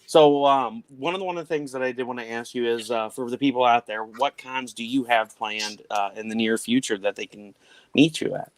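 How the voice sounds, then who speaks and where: A man's voice: mid-range voice, brisk, no echo, rough recording. Laid-back man host, dry sound. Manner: relaxed, reads viewer questions and laughs along. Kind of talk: casual chat.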